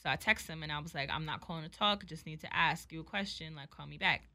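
A young woman telling a story in casual chat, animated and profane, acting out both sides of the dialogue. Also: deep voice, fast talker.

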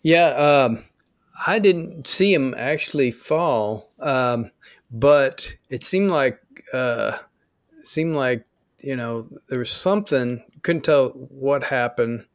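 Halting, agreeable male co-host, dry sound. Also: medium pitch, no room sound. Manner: agreeable, halting, many fillers. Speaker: podcast co-host. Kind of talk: casual music discussion.

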